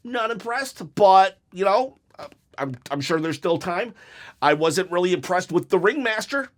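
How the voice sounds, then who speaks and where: A man's voice: high voice, expressive, a little slow. A man hosting a casual show, reading out viewer comments and answering them in a rambling, self-correcting way with frequent laughs. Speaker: host reading viewer hot takes. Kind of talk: casual chat.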